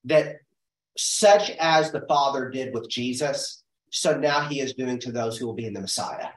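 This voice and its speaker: A man leading a group Bible study, animated and thinking aloud with restarts and rhetorical questions, heard from far off in an echoey room. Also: medium pitch, moderate pace.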